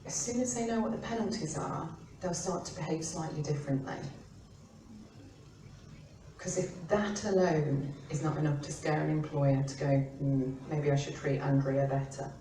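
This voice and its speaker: A middle-aged woman from the UK, an employment law expert talking informally and acting out quoted remarks in lively voices. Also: low-pitched, moderate pace, background noise. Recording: roomy, distant mic with faint ambience.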